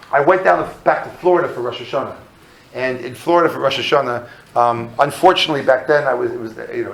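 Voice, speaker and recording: Gravelly-voiced guy telling a funny story, fairly high voice, echoey room. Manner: animated, self-mocking, jumps into shouted re-enactments. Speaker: rabbi and speaker. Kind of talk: comic storytelling talk.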